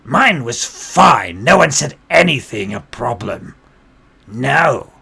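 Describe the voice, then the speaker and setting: A man's voice: medium pitch, big pitch swings, takes it slowly, gravelly, sharp tone, slightly rough, exaggerated voice. A man voicing a touchy female goblin bard who haggles and takes offence. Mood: indignant. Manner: indignant, haggling.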